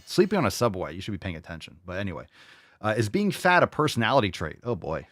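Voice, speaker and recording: Sarcastic low-voiced man ranting. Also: sing-song, quick pace, a bit bright, no echo, soft background music. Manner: combative, sarcastic, mocking voices. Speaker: show host. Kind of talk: ranting commentary over video clips.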